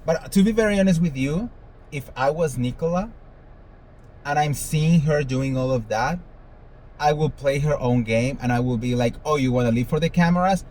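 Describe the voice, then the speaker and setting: A man's voice: medium pitch, normal speed, darkish tone, a little hiss or hum, poor audio. A man hosting a celebrity gossip show, talking casually in a sassy, dramatic way and swearing freely. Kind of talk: casual commentary monologue.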